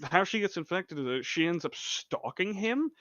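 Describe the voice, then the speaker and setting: A man's voice: sits high, expressive, normal speed, fairly bright tone, no echo. A man co-hosting a casual movie chat, swearing freely and laughing often. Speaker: podcast co-host. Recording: dull, lo-fi and dry.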